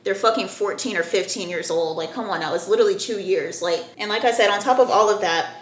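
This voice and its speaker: A woman's voice: medium pitch, quick pace, roomy sound. A young woman telling a personal story to her viewers in a casual, heated, profane way. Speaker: storyteller vlogger.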